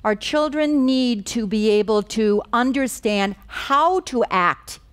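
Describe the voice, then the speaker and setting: A woman's voice: on the high side, animated, slow, smooth. A woman giving a lecture on moral education, telling stories in an earnest, emphatic way. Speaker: guest speaker on moral education. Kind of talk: lecture with storytelling.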